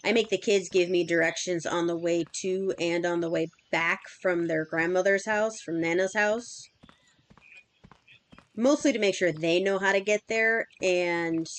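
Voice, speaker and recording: Speaking slowly in a steady, lowish voice, a thirty-something woman keeps up casual, filler-heavy rambling chatter as she streams a game.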